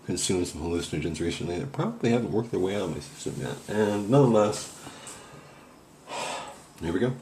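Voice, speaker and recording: A man's voice: sits low, expressive, brisk, pauses often, echoey room, background noise. A man hosting a spoof paranormal investigation, rambling and faking panic and awe. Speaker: host of a mock paranormal investigation. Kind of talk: comic mock-serious ghost hunting.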